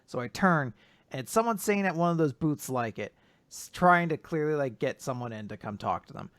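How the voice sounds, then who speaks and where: A man's voice: on the high side, expressive, fairly quick, fairly bright tone, no echo. A man co-hosting a casual manga podcast, telling stories with wry, self-deprecating humor through his grief. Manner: grieving but joking, self-deprecating storytelling. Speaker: podcast co-host.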